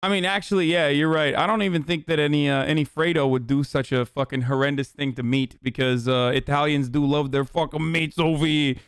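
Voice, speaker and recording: Male livestream commentator, profane and animated, smooth tone, dead-dry sound. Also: a little high, brisk, hardly any pauses, no echo. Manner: profane, animated, rambling riffs. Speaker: streamer, political commentator. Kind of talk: casual livestream reaction commentary.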